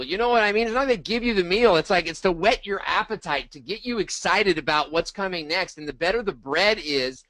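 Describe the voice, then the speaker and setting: A middle-aged man coaching others on selling to clients, animated and acting out bits of sample dialogue. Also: sits high, no echo, low-quality recording. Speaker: co-host of a marketing training. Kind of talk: casual coaching talk.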